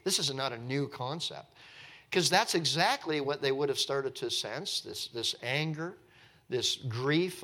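A man's voice: mid-range voice, expressive, unhurried, sharp tone. A man leading a Bible study, telling the story with enthusiasm and acting out the quotes. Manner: acts out quotes and laughs often.

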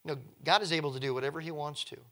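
A man's voice: fairly high pitch, steady tone, rapid-fire, sharp tone. A male preacher giving a conversational Bible teaching, reading scripture aloud and breaking in with wry, joking asides.

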